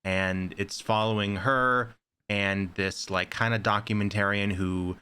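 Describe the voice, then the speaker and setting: A man on a casual podcast, rambling through a story with filler words everywhere. His voice sits a bit low but has a bright, forward edge. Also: fairly even intonation, unhurried, clean tone. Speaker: podcast co-host. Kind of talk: casual chat.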